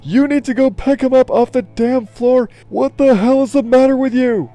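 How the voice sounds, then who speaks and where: A man voicing an adult woman shopper who is furious and yelling at another customer. He pushes his voice well above his own and shouts it out. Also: very high voice, normal speed, no echo, faint music behind, pitched above the performer's own voice. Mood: furious shouting. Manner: yelling, outraged.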